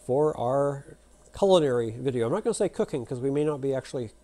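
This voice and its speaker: Folksy, mellow-voiced male channel host. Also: mid-range voice, animated, quick pace. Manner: folksy, chatty, rambling. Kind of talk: casual storytelling and joke telling to camera.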